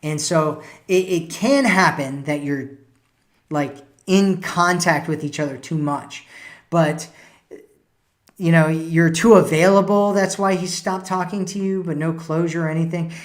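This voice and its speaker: A man's voice: a little high, a little slow. A man hosting a live stream as a dating coach, giving casual advice and reading out viewer comments, often tagging lines with "right?" and "you know".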